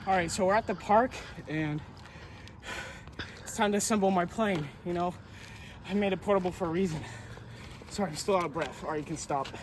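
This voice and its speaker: A man joking his way through a hobby vlog, playful, excitable and self-mocking. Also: high-pitched, brisk, pauses often, recorded from a distance, a little hiss or hum. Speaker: vlogger. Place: outdoors and in a workshop.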